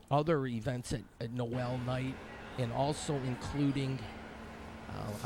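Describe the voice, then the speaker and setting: A man's voice: mid-range voice, noisy background. A man vlogging his walk through a night-time city holiday event outdoors, chatting in a rambling, upbeat way about the local sights, with live music playing around him. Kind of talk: casual walk-around commentary.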